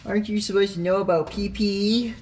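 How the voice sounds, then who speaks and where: A man's voice: high voice, steady tone, fast, darkish tone. A man helping out as a neighbor in a repair shop, crude and wisecracking. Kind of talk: casual banter. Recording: noisy shop recording.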